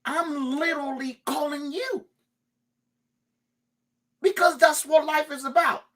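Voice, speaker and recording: A man hosting a podcast in casual chat, animated and emphatic, swearing and repeating words when he gets worked up. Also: very high voice, slow pace. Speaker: podcast host.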